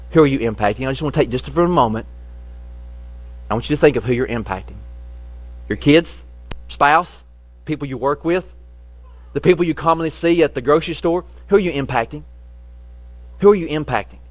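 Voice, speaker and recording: A man's voice: medium pitch, fairly quick, long pauses, dry recording. A man preaching a sermon as a pastor, telling a childhood story and acting out the voices in it. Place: church sanctuary.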